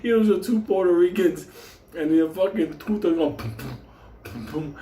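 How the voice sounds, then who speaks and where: A man's voice: fairly high pitch, animated, normal speed, mellow. A man from New York telling a story casually, swearing constantly and laughing through his words. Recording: roomy echo, faint hum.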